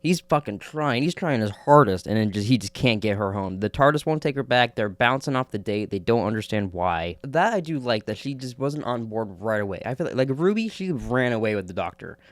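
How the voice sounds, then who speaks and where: A man giving a casual spoiler review of a TV episode, excitable, swearing a lot and laughing often. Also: mid-range voice, brisk, few pauses, dry recording.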